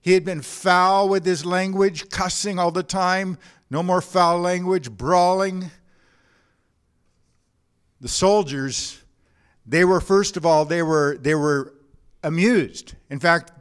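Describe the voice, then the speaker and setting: A man preaching a sermon in a storytelling way. His voice sits a little higher than most men's. He talks in loose, conversational bursts with frequent restarts. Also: slow pace, pauses often, a bit bright, clear, resonant tone. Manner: storytelling with quoted anecdotes, frequent restarts and "you know". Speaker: pastor.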